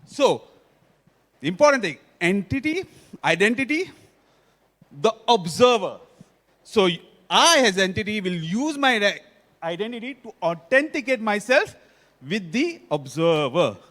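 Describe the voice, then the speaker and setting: Indian man, conference speaker, high voice, keeps checking the crowd follows, hall reverb. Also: very animated, a little slow, pauses often, a bit bright. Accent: Indian English. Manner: engaging, quizzes the audience often. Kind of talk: technical conference talk.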